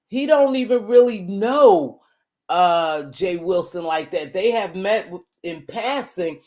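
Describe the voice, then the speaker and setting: A woman vlogger giving casual, blunt commentary, animated and repeating points for emphasis. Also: mid-range voice. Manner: blunt, informal.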